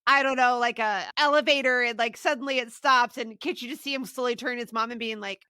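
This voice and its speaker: Bright high-voiced woman podcast host. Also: steady tone, clean tone, dry recording, clean studio sound. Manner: chatty, quick to agree and laugh along. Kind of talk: casual podcast chat.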